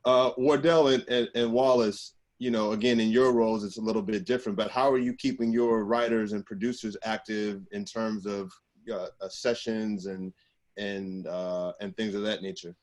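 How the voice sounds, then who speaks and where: A man moderating a panel on a video call, asking questions in a halting way with many fillers. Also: on the low side, fairly even intonation.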